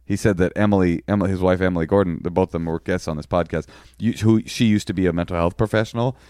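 A man co-hosting a podcast, telling a long story in a rambling, halting way with deadpan jokes. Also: low voice, dry recording, clean studio sound. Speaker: podcast co-host. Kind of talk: casual storytelling chat.

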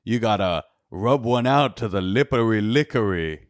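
A man voicing God as a permissive male deity, speaking in a slow, offhand drawl. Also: fairly low pitch, lively intonation, no room sound, clean studio sound, close to an everyday voice. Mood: mock solemn.

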